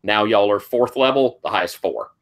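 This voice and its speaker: A man running a tabletop game as game master, slowly describing scenes with frequent pauses and restarts. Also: on the low side, slight background noise.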